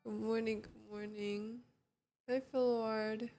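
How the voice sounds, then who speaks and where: A young woman chats with her stream audience from home, greeting people one after another. Her sleepy morning voice carries a gravelly fry, and she speaks at an unhurried, slow pace. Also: on the high side, soft background music. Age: young adult. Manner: greets chat viewers one by one, relaxed and chatty. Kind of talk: casual chat.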